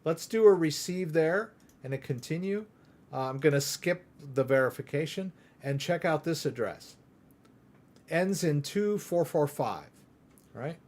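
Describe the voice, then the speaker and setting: A man from the United States runs a casual live crypto Q&A. He rambles through a screen demo and keeps asking "right?". His voice sits a little high for a man. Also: expressive, unhurried, a little mellow. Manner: chatty, rambling, asks "right?" often. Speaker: crypto livestream host.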